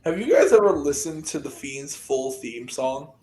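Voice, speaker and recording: A young man co-hosting a podcast, telling stories in a casual, animated way with a lot of laughter. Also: on the high side, moderate pace, a crowd in the background, poor audio. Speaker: podcast co-host. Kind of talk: casual chat.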